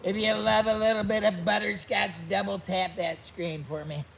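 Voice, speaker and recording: Upbeat guy vlogging his cooking, kinda high pitched, talks right to the viewers. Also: steady tone, normal speed, vocal fry, fairly bright tone, a little hiss or hum, rough recording. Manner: upbeat, chatty, addresses viewers directly; talks while eating and cooking. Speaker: vlog host. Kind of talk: casual chat to camera.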